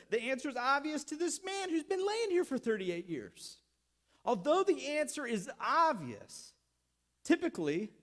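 Brief: male pastor, casual sermon delivery, high voice with big swings. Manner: conversational, animated, repeats phrases for emphasis.

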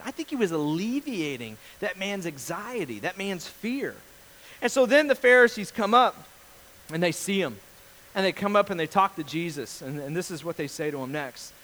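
A man's voice: sits high, normal speed, rough recording. A male pastor giving a casual, jokey sermon, acting out the people in the story. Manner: animated storyteller, acts out voices, jokey.

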